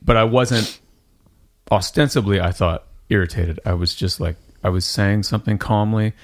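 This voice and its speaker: A man's voice: lowish voice, moderate pace. A man co-hosting a podcast, talking reflectively in casual chat. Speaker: podcast co-host.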